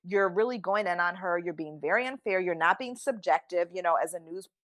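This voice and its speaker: A woman's voice: lowish voice, a little fast, no echo. A woman from the United States talking in a casual chat, emphatic and indignant, repeating herself for effect. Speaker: commentator.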